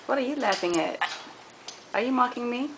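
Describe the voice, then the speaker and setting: A woman's voice: a little high, expressive, brisk. A woman at home talking baby talk to her pet parrot, cooing and playfully scolding it. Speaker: parrot owner. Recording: noisy home video.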